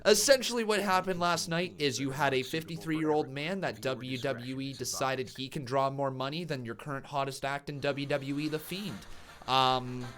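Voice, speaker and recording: A man hosting a wrestling live stream, giving excitable, ranting reactions and talking straight to his chat. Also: mid-range voice.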